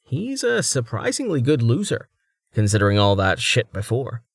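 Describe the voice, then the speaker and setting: A man narrating a fantasy audiobook in an even, measured storytelling manner. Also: mid-range voice, creaky, husky, no room sound, studio quality.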